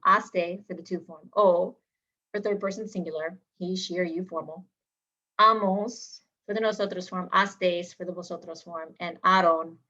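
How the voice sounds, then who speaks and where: A woman teaching a Spanish lesson, drilling verb endings slowly and clearly for learners to repeat. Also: on the low side, fairly bright tone. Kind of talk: language lesson. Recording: slightly dull lo-fi sound.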